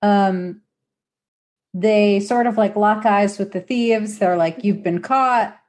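A young woman co-hosting a casual podcast, retelling movie scenes with quick laughs and quoted lines. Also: mid-range voice, a little mellow. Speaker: podcast co-host. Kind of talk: casual chat.

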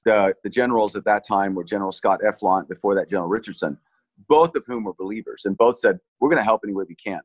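Speaking in a lowish voice, a middle-aged relief team leader earnestly tells the story of a rescue he led, frequently restarting and repeating himself as he recalls it. The recording is dry and rough.

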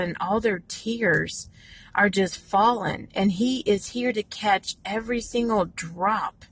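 A woman's voice: medium pitch, slightly rough, no room sound. A woman giving an earnest, encouraging devotional talk from inside her parked car, with many fillers. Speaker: devotional speaker.

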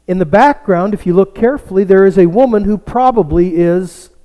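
A male pastor preaching a sermon, telling a story slowly and dropping to a hush for emphasis. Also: high-pitched, big-room sound, narrow, tinny audio. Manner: slow, storytelling delivery that drops to a hush for emphasis.

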